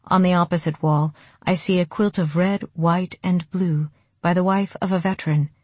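Low-voiced woman reading an audiobook. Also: fairly even intonation, normal speed, a little mellow, no room sound. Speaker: audiobook narrator. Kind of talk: first-person audiobook narration.

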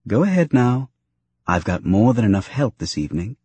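A man voicing a firm, motherly farm wife who scolds gently. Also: fairly low pitch, sing-song, moderate pace, slightly rough, dry recording.

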